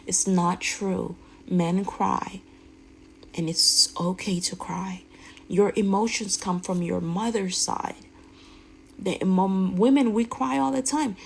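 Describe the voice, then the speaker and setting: A woman's voice: mid-range voice, takes it slowly, creaky, a little hiss or hum, rough recording. A woman speaking candidly in a rambling, emphatic way, often restarting her sentences. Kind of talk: candid personal monologue.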